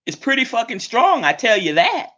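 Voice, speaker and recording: A woman delivers a profane, blunt monologue as the host of her own show. Her voice is forceful and bright, with sudden leaps in pitch. The recording sounds dull and lo-fi. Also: normal speed. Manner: blunt, swearing freely, animated swings in pitch.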